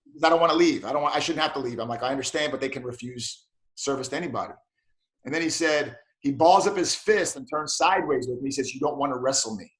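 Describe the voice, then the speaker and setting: A man, a police officer and martial arts black belt, telling animated stories in a casual interview and acting out the dialogue. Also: medium pitch, fast, echoey room.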